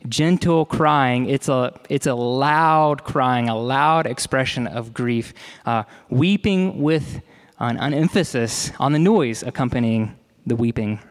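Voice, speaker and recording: A pastor preaches to his congregation in a measured, conversational way, slowing down to stress key words and adding casual asides. His pitch is fairly high.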